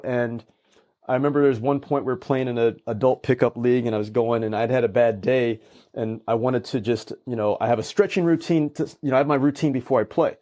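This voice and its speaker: A guest speaker, male and medium-pitched, talks at a fairly quick pace while telling conversational stories. He's lively and dramatizes what people said.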